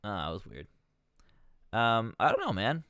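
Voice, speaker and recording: Man, live streamer, profane exasperated rants, rambling, lively swooping pitch, bright sharp tone. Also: a little slow, clean tone, dry recording, clean studio sound. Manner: rambling, self-interrupting.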